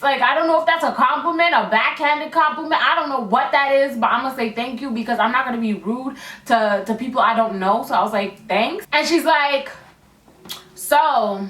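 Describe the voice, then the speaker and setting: A young woman telling a storytime to her viewers in a casual, animated way, acting out the people in it. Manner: animated, acts out voices with big pitch jumps. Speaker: beauty vlogger. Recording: echoey room, a bit far from mic.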